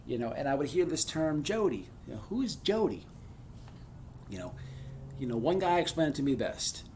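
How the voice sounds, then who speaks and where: A man's voice: mid-range voice, a little hiss or hum. A man hosting his own channel, talking in a loose, streetwise monologue full of stammered restarts. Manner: rambling, streetwise, keeps saying "man"; frequent restarts and stammered repeats. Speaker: channel host. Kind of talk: casual monologue.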